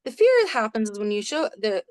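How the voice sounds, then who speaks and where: Woman in her forties, social worker, animated storyteller, home office, middle pitch. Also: quick pace. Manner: animated, acts out quoted voices in her stories. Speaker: guest, clinical social worker. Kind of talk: casual storytelling in a podcast interview.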